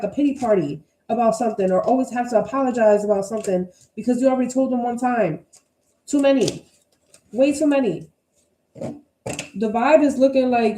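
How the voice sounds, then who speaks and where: A woman's voice: high voice, dark tone. A woman giving a casual tarot energy reading to her viewers, blunt and emphatic, with plenty of swearing. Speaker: tarot reader. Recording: roomy echo.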